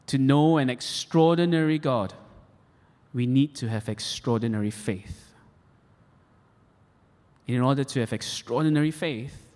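A man's voice: medium pitch, a little mellow. A man preaching a sermon as a pastor, repeating key points for emphasis, in an echoey church hall.

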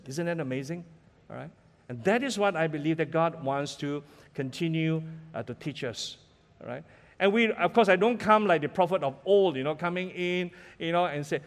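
Animated pastor preaching in a hall. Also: male voice, on the high side, normal speed. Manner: animated, lively preaching with frequent "all right?" and "ah" tags. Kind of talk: sermon. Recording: long hall reverb.

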